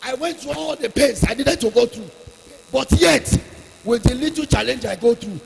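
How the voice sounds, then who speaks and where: A man's voice: extremely high pitch, normal speed, gravelly, noisy background. A man preaching a fervent sermon, repeating his lines for emphasis, recorded in a long hall reverb. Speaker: pastor.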